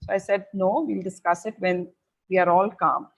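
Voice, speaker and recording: This is a woman talking parents through their teenagers' changes. Her voice sits a little low. She is middle-aged, and she explains in a calm, advisory way with frequent pauses. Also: vocal fry, low-quality recording. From India. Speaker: parenting educator.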